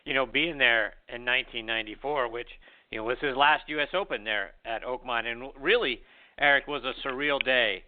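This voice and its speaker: A man's voice: medium pitch, moderate pace. A man hosting a golf talk show, asking long, winding questions. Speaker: radio show host. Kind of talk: interviewing. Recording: tinny phone-like sound.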